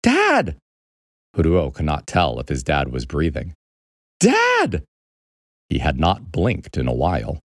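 A man reading a children's story aloud with an animated, expressive delivery. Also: extremely low pitch, moderate pace, few pauses, dry recording, studio quality. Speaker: narrator.

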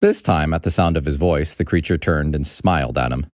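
A man reading a children's story aloud with an animated, expressive delivery. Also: extremely low pitch, a little fast, dry recording, studio quality. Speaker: narrator.

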